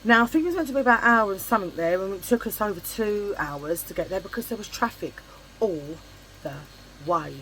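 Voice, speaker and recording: A middle-aged woman from England, talking straight to her viewers in a casual vlog. She tells her story in a chatty, blunt and animated way, with the odd swear word, and her voice sits at an ordinary middle pitch. There is a faint noise behind her. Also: brisk, low-quality recording. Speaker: vlogger. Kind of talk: casual storytelling chit chat.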